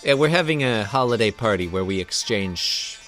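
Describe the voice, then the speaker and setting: A man in casual podcast banter who talks with a bright, forceful edge and a lively, swinging pitch. He plays the mock-serious arbiter and likes fancy words, and faint music runs underneath. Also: normal speed. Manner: wry, mock-authoritative, wordy. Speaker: podcast host running a game.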